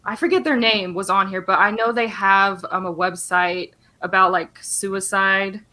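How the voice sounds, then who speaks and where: Chatty woman with a bright voice. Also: mid-range voice, steady tone, measured pace. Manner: chatty, many fillers, laughs often. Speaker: guest. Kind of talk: casual interview talk.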